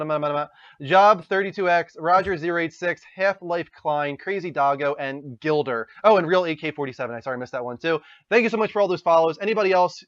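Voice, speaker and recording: A man's voice: fairly high pitch, a bit bright, no room sound. Podcast host guy, eager and chatty, dry muffled mic. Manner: enthusiastic, wraps up and reads out thanks. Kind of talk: casual chat. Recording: dull lo-fi dry sound.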